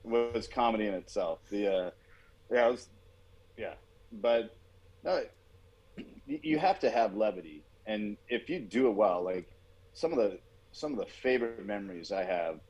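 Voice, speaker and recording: A man's voice: lowish voice, animated, normal speed, long pauses, darkish tone, husky, lo-fi sound. A man co-hosting a podcast, talking in a reflective, rambling way about military life. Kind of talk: casual podcast chat.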